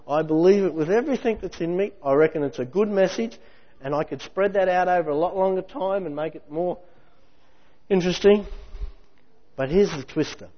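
A man preaching a sermon in a lively, conversational way with jokey asides. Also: high voice, normal speed. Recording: muffled hall recording with long reverb.

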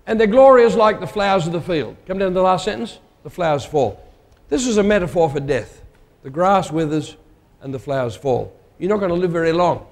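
A man's voice: a little high, a little mellow. A man preaching a sermon in a conversational, emphatic way, putting questions to his listeners. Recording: long hall reverb.

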